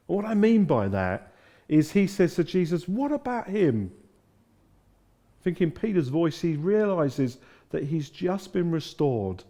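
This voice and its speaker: A man's voice: fairly high pitch, warm tone. A middle-aged man from England preaching a sermon, telling stories and acting out the quotes. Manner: storytelling with acted-out quotes. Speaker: pastor.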